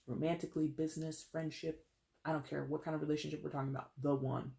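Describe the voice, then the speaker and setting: Excitable tarot reader, direct to the viewer, casual with restarts. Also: mid-range voice, fast talker, creaky. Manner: excitable, addresses viewer directly, repeats words.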